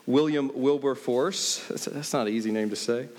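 A man's voice: medium pitch, normal speed, a little mellow, big-room sound. A man preaching a sermon as pastor, emphatic and repeating key phrases for stress.

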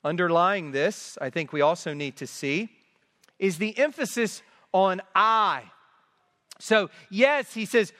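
A man's voice: high-pitched, expressive, slow, pushed and bright. A man preaching a sermon in a church, emphatic and repeating key phrases for weight. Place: church sanctuary. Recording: long reverb of a large hall.

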